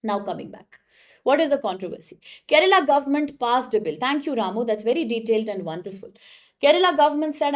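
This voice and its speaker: A woman with a high, light voice teaches a live online exam-prep class. She talks briskly and encouragingly, stopping often to praise students by name. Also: expressive.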